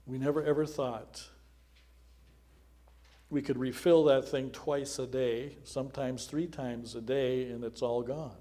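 A man's voice: mid-range voice, steady tone, measured pace. Earnest male pastor praying. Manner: earnest, prayerful, varying loudness. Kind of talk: spoken prayer in a church service.

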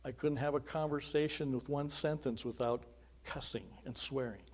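A man's voice: medium pitch, steady tone, normal speed. A middle-aged man preaching a sermon, telling his own story in an earnest, conversational way with small chuckling asides. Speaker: pastor. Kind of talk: sermon with personal testimony.

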